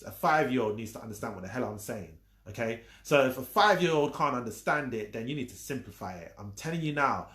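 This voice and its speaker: A man with a medium-pitched, fairly bright voice coaches his live-stream audience on social media. He's emphatic and repetitive in his casual teaching, teasing those watching, all heard through a roomy echo.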